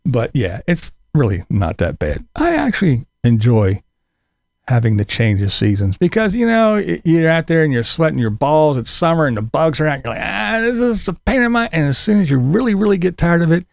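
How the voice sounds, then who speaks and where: A man's voice: mid-range voice, very animated, moderate pace, creaky, darkish tone, no echo, clean studio sound. A middle-aged man from Pennsylvania hosting casual commentary, rambling and sarcastic, cursing offhandedly. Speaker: commentary channel host. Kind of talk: casual commentary on other creators.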